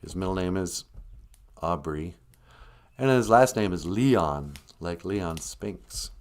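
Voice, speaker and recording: A man's voice: low voice, animated, takes it slowly. A man hosting a casual language livestream, chatting in a rambling, joking way.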